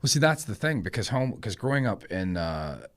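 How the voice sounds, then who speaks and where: Man, deep low voice, podcast guest, reflective storyteller, casual chat. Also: very animated, moderate pace, soft background music. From grew up moving between Germany and England. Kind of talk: casual conversation.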